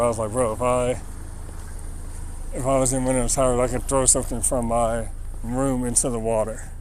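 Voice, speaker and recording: Laid-back male streamer at mid pitch, wry, rambling storyteller; faint outdoor noise. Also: darkish tone, poor audio. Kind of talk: casual storytelling.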